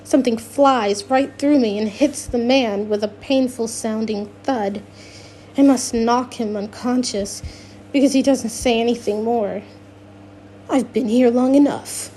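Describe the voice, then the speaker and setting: A woman's voice: fairly high pitch, measured pace, a little mellow, a little hiss or hum. A woman narrating a first-person novel, reading with frequent restarts and self-corrections. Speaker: audiobook narrator.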